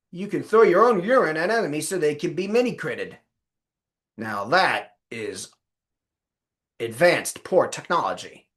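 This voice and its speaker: A man talking through a video game guide in a put-on Australian accent. His pitch swings about freely while his pace stays unhurried and drawn out. He is playful and rambling, and often stops to correct himself. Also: fairly bright tone.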